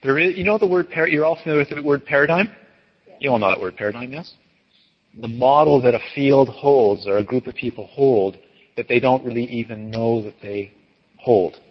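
A man teaching an audience, telling stories in an animated way and acting out the voices of the people he quotes. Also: mid-range voice, brisk, breathy edge. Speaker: dharma teacher. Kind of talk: storytelling talk to an audience. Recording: dull recording with long hall reverb.

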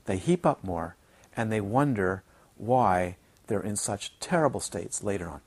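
A man teaching a dharma talk to retreat students, playful and animated, repeating words for emphasis and mimicking his students. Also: fairly low pitch, unhurried, breathy edge. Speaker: Buddhist teacher. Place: retreat centre teaching hall.

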